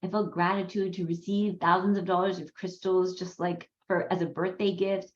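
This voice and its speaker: A woman whose first language is Gujarati, hosting a parenting course in a candid, animated storytelling way with frequent laughs. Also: fairly low pitch, normal speed, slight background noise. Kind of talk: conversational course talk. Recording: roomy, slightly dull sound.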